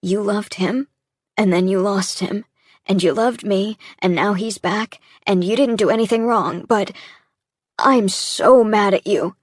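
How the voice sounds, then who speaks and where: A woman reading the lines of a distraught young man who talks in a halting, pained way, his voice breaking. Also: mid-range voice, fairly even intonation, no room sound, clean studio sound, close to an everyday voice. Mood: anguished. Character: distraught young adult man, jealous boyfriend. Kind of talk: audiobook dialogue reading.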